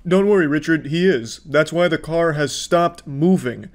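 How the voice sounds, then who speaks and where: Deadpan man mocking clips. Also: on the high side, moderate pace, music in the background. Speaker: commentary host. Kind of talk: sarcastic video commentary.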